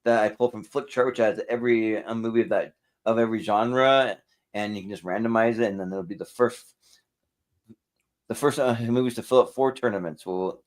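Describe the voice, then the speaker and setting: A man's voice: on the low side, fairly even intonation, brisk. A man hosting a movie podcast, talking casually and rambling through plans. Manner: rambling, many fillers and restarts. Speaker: podcast host. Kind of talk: casual chat.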